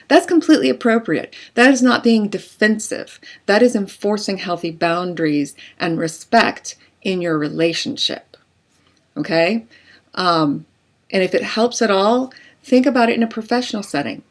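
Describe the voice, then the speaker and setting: A woman's voice: mid-range voice, normal speed. A woman relationship coach explaining in a conversational way, using everyday examples and casual fillers. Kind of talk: explanatory talk to camera.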